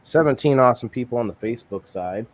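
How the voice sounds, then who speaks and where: A man's voice: mid-range voice, lively intonation, fast. A man hosting a casual live-stream podcast, rambling with many restarts and reading viewer comments aloud. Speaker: podcast host.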